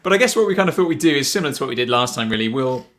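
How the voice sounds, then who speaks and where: Male livestream host, easygoing and chatty, laughs a lot, mid-pitched voice. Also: animated, rapid-fire, fairly bright tone. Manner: chatty, laughs often, many fillers and restarts. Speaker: podcast co-host. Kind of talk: casual livestream chat.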